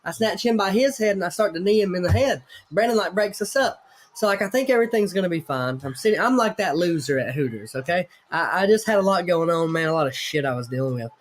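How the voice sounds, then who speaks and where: A man tells a story in a loose, rambling way, swearing and poking fun at himself. His voice sits high for a man. He talks casually to a guest. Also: lively intonation, quick pace, a little hiss or hum. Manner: rambling, profane, self-mocking storytelling. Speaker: host.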